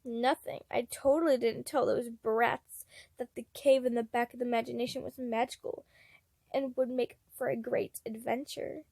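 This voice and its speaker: Woman doing a smug sneaky liar guy, slow and low, snake vibes. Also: steady tone, gravelly, a little mellow, dry recording, studio quality. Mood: sly. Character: sly scheming male liar, smug and mocking.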